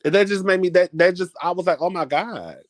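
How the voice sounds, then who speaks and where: A man's voice: sits high, brisk, dry recording. Chatty man telling a story, dry sound. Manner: chatty, dramatic, keeps calling listeners "girl". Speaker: vlogger. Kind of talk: casual storytelling to camera.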